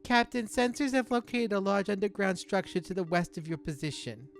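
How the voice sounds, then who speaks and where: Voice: mid-range voice, animated, brisk, creaky, soft background music, pitched above the performer's own voice. A streamer voicing a brassy female ship officer with an exaggerated New Jersey accent, delivering reports bluntly.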